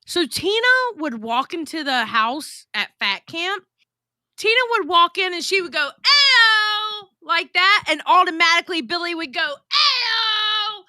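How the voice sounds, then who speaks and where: A woman with a high, bright voice chats on a livestream, reading out viewer messages and gossiping bluntly. She swears freely. The sound is dry and close. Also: animated, moderate pace, dry recording. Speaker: livestream host reading chat. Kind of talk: casual livestream chat.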